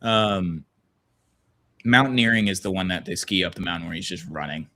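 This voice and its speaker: Low-voiced man hosting a casual chat. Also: moderate pace, bright, forceful tone. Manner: rambling, reads viewer chat aloud. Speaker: podcast host. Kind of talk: casual watch-along chat.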